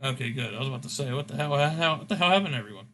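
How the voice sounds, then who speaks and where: A man's voice: mid-range voice, animated, very fast, bright, forceful tone, a little hiss or hum. A man hosting a casual game recap, rambling with fillers as he scores each segment. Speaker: host.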